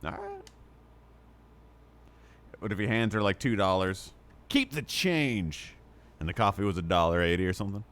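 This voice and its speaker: A man's voice: low voice, fairly even intonation, a little fast, pauses often, a bit bright. A young man live-streaming a game, sleepy and yawning, rambling casually to his chat with many fillers.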